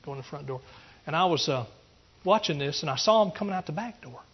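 Husky-voiced Texan preacher man. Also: fairly high pitch, expressive, fast talker, highs cut off. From East Texas. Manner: earnest, rambling with restarts, rising to emphatic preaching. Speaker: pastor. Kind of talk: testimony sermon.

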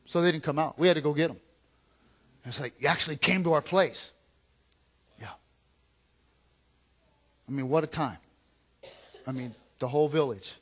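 A man, a pastor, preaching a sermon in a conversational way, repeating phrases and swinging from quiet asides to loud emphatic lines. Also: on the high side, normal speed, long pauses.

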